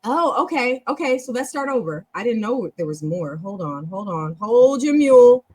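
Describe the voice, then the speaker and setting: A woman's voice: medium pitch, expressive, moderate pace, husky, rough recording. A woman hosting a language club, teaching in a chatty, encouraging, long-winded way on a casual live stream.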